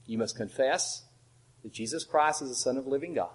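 A man preaching a sermon, asking rhetorical questions and swinging between loud emphasis and quiet asides. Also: mid-range voice, a little fast, low-quality recording.

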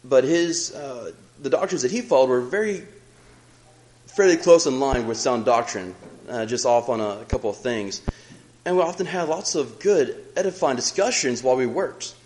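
A young man preaching a sermon in an earnest, measured way, reading scripture aloud between his own remarks. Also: mid-range voice, a little mellow, slight background noise, low-quality recording.

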